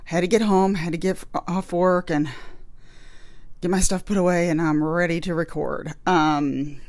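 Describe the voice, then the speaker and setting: A woman's voice: fairly low pitch, fairly even intonation, a little slow, a little mellow. A woman hosting a true crime podcast, chatting casually and rambling a bit, a little out of breath. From Illinois, USA. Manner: chatty, rambling, laughs easily. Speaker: podcast host. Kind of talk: casual chat. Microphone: studio microphone.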